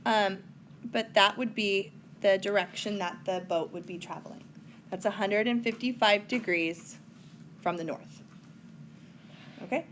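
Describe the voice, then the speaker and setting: A woman's voice: mid-range voice, measured pace, long pauses, fairly bright tone, slight background noise. A woman teaching a recorded whiteboard math lesson, chatty, with playful asides to her students.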